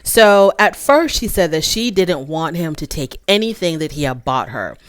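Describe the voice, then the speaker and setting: A woman's voice: low voice, sing-song, normal speed, no echo, studio quality. A woman hosting a casual recap show, talking in a candid, opinionated and sassy way with frequent asides. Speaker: reality show recap host.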